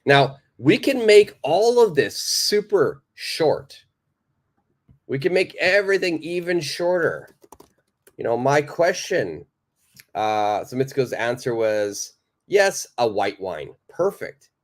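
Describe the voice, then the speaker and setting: A man's voice: medium pitch, very animated, slow. A man teaching a live online English lesson, patiently reading out viewers' answers, praising them and explaining simple phrases.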